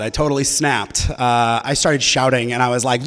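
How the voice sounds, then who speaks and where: A young man telling a personal story to an audience, conversational and halting, often restarting his sentences. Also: medium pitch, steady tone, fairly bright tone, clear, resonant tone, long reverb tail.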